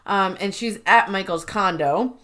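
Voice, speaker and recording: A woman's voice: mid-range voice, a little slow, fairly bright tone. A woman co-hosting a podcast in casual chat, recapping episodes and acting out quoted lines. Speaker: podcast co-host.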